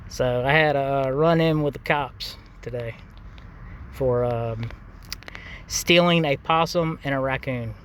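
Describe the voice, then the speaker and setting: A man's voice: mid-range voice, measured pace, fairly bright tone, a little hiss or hum. A man telling a casual, profane anecdote in a laid-back way, full of fillers. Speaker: gaming channel host.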